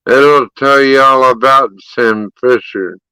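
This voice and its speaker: A man moderating a live stream, chatting casually in a slow, laid-back drawl. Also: medium pitch, steady tone, bright, forceful tone, clear, resonant tone, no echo, rough recording.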